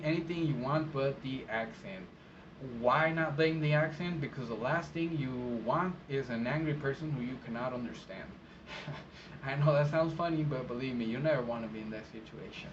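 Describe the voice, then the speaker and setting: A man whose first language is not English talks through interpreting advice in an easygoing vlog, stopping often for ums and restarts. His voice sits at a middling pitch. The recording is dull and muffled, with steady noise in the background. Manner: relaxed, rambling, many fillers and restarts.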